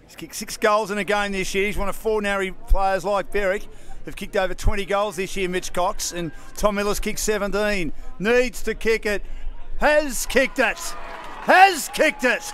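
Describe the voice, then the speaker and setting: An Australian man giving fast play-by-play commentary on a local football match from an outdoor commentary position, raising his voice at key moments. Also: high-pitched, fairly even intonation. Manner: rapid play-by-play, rising to shouts at key moments.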